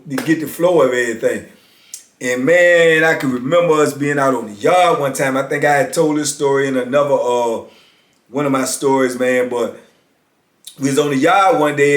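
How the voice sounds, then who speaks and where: A man in his fifties casually telling a story from his own life, laid-back and conversational. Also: medium pitch. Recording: roomy echo.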